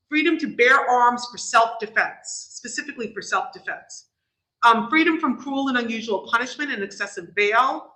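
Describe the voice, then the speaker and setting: A woman's voice: a little high, expressive, moderate pace, pushed and bright, echoey room, rough recording. A middle-aged woman with a New York accent giving an informal lecture, explaining step by step with frequent restarts and fillers. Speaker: guest lecturer.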